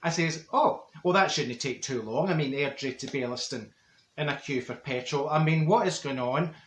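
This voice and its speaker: Here the same kind of comedy monologue has a man voicing a talkative middle-aged Glasgow woman, a blunt gossip, in a Glaswegian Scottish accent. His pitch sits on the high side, his pace is moderate and the acting is light. He tells a funny story to camera, and the room echoes noticeably.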